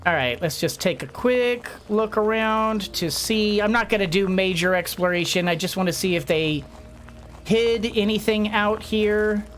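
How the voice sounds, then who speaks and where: A woman giving casual, excitable commentary while she plays a game, chatting away with frequent gasps and laughs. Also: medium pitch, unhurried, faint music behind. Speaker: gameplay streamer.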